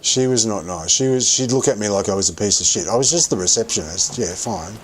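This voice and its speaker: A man's voice: fairly low pitch, quick pace, slight background noise, low-quality recording. A man casually telling a rambling anecdote while playing a game, often correcting himself as he goes. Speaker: streamer telling stories while gaming.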